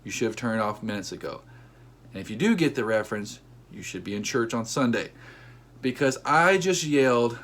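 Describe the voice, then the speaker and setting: A man telling a funny story from his own life, with an animated, conversational delivery. His voice sits in a middle pitch range. When he acts out what people said, it jumps into sudden high-pitched outbursts. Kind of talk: comedic storytelling monologue.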